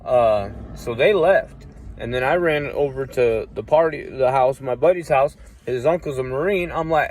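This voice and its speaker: A man tells a personal story in an easygoing, unpolished way. He swears freely and circles back on himself, and his mid-range voice jumps up loudly whenever he acts out what someone said. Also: medium pitch, normal speed. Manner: profane, rambling, acts out quoted voices loudly. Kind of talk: casual storytelling.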